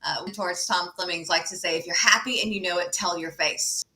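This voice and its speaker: A woman hosting a live interview on a video call, fast-talking and upbeat. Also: on the low side, steady tone, sharp tone, roomy sound, rough recording. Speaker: host.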